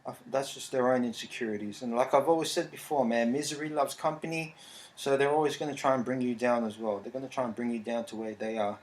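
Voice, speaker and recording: A man's voice: mid-range voice, fast. A man, hosting a podcast in casual, rambling solo talk. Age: 30s. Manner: rambling, relaxed, frequent fillers. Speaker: podcast host. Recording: roomy echo.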